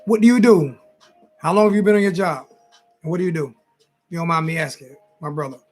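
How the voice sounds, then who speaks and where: A man's voice: a little high, fast, faint music behind. A man in his forties hosting a casual late-night sports talk livestream, tired, rambling and repeating himself as he talks straight to his chat. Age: 40s. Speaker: sports talk show host.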